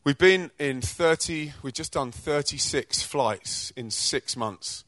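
A man from England, telling energetic, chatty stories about his charity work to a church audience, with slang and quick restarts. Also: on the high side, no echo. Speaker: Christian rapper and charity co-director. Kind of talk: informal testimony talk to a church audience.

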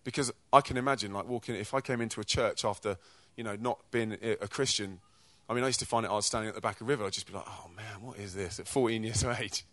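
A British man preaching to young people, telling stories from his own life in a chatty, energetic way. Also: on the low side, fast, few pauses, dry recording. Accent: British English. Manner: energetic, chatty storyteller who acts out quotes. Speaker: speaker at a youth church event. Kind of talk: testimony-style preaching with stories.

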